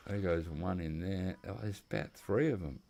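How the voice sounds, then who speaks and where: A man's voice: sits low, moderate pace, dark tone, slight background noise. A man with an Australian accent, chatting casually and rambling through stories while he plays a hunting game. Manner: rambling storytelling. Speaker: gaming commentator. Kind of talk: casual gameplay commentary.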